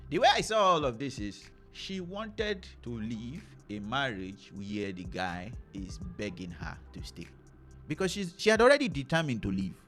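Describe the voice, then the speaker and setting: A man delivers opinionated relationship commentary in a mid-pitched voice. His delivery is very lively, with the pitch swinging widely as he preaches and acts out other people's lines. Soft music plays faintly behind him. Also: moderate pace. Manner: animated, preachy, acts out quotes.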